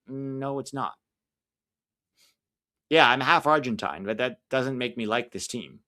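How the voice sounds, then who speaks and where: Male stream host, casual and opinionated, reacts loudly to the play. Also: medium pitch, steady tone, unhurried, long pauses. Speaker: livestream watch-along host. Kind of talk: casual live match commentary.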